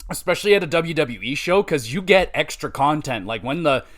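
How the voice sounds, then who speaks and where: A man hosting a podcast in casual chat, telling an excitable, profane story in an animated way. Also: on the high side, a little fast. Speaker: podcast host.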